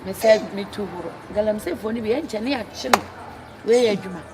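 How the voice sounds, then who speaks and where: A woman, lively and teasing, performing a street comedy skit outdoors. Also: mid-range voice, fast talker. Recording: noisy outdoor street recording.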